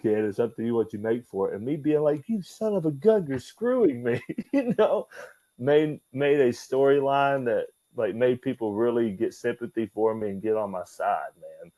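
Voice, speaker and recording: Animated man telling stories. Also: medium pitch, no echo, low-quality recording. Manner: animated, profane, acts out dialogue with voices. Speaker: guest, former wrestler. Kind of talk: casual storytelling interview.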